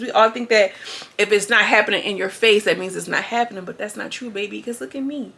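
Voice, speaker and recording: Woman youtuber doing a chatty show recap, bright tense voice, slangy and animated. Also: medium pitch, quick pace, creaky, a little hiss or hum. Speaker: YouTube reviewer. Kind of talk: casual reality-show recap.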